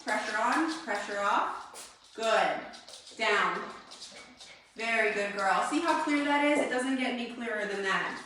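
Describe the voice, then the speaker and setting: A woman's voice: fairly high pitch, unhurried, slight background noise. A woman dog trainer explaining drills and giving short commands to a dog during an indoor training demo. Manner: explains calmly, then gives short crisp commands to a dog. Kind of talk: instructional demonstration. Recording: very echoey room, voice far from mic.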